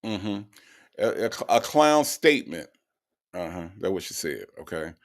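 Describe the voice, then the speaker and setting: A man's voice: sits low, sing-song, measured pace. A man hosting a live stream, reading out chat comments and teasing in a drawling, repetitive way. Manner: drawling, repeats himself, teasing. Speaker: host.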